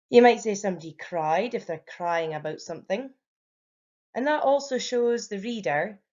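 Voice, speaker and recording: Bright, encouraging Scottish woman teacher. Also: lowish voice, lo-fi sound. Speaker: primary school teacher. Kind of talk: recorded home-learning lesson.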